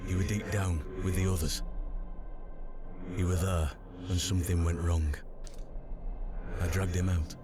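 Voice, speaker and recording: An actor playing a strange little man of the fair folk in a game, speaking in a low, secretive, knowing way. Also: fairly even intonation, measured pace, pauses often, over music. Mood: cryptic.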